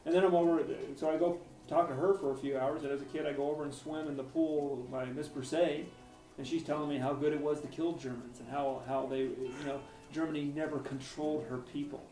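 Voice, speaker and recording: A man's voice: on the high side, fairly even intonation, fairly quick, hardly any pauses, mellow. Man telling war stories, from afar. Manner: rambling, hesitant with frequent restarts. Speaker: author interviewee. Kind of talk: personal storytelling in an interview. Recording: roomy, distant mic with faint music.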